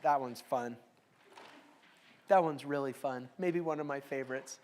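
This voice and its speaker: A woman's voice: extremely low pitch, unhurried, a little mellow. Middle-aged woman teaching a Bible class. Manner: reads verses aloud with strong emphasis, then explains in a casual, joking way. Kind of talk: Bible study lesson.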